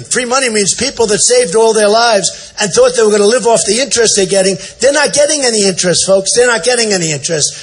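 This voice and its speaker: Boastful older man shouting at a rally. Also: high voice. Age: 60s. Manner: boastful, repetitive, off-the-cuff; often shouting to the crowd. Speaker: political candidate. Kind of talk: campaign rally speech. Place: large indoor event center.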